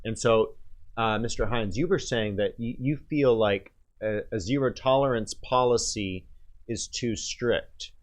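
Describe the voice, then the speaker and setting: Low-voiced hesitant radio host man. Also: measured pace. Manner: hesitant, many fillers and restarts. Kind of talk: casual radio talk show discussion.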